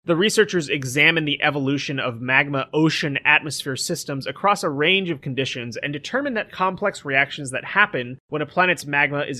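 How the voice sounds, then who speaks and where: A man's voice: fairly high pitch, sharp tone. A man co-hosting a casual podcast, steadily reading out and explaining a science article. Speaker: co-host.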